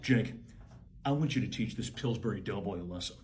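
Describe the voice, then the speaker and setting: A man playing a sleazy, scheming male school counselor in a comedy sketch, talking low and smug. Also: fairly quick, a little mellow, soft background music, lightly acted.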